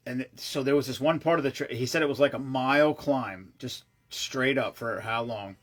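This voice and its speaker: A man vlogging, telling a long rambling story in a casual, excitable way, swearing freely and often restarting his sentences. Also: medium pitch, normal speed.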